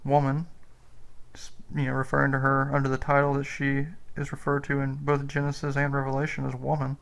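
A man giving a slow, earnest spoken meditation on the rosary mysteries as a preacher. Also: mid-range voice, completely flat delivery, creaky, fairly bright tone, poor audio.

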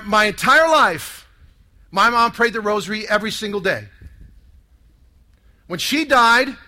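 A man in his sixties giving an emotional testimony to a live audience, telling his story dramatically, sinking to hushed tones and rising to loud outbursts. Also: extremely high pitch.

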